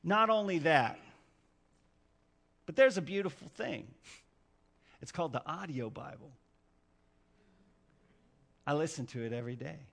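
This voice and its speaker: Bright-voiced male preacher. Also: a little high, measured pace, vocal fry, pauses often. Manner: dramatic storytelling, swinging from hushed to loud. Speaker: pastor. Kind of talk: sermon.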